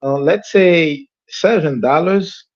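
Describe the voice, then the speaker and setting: A male student speaking English hesitantly in a live online lesson, with a muffled call sound. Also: on the high side. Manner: hesitant, halting with fillers. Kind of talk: casual chat in a live lesson.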